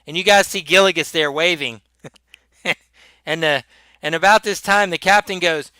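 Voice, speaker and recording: A man running a tabletop game as game master, narrating in a halting way with lots of restarts. His voice is slightly high, bright and smooth. It is recorded close and dry. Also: dry recording. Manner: halting, many restarts, chuckling.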